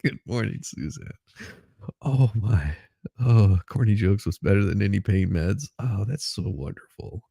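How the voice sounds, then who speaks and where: Gravelly, slow-talking man. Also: lowish voice, animated, mellow, no echo. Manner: laughs often, greets chat viewers by name. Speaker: livestream host. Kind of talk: casual morning livestream chat.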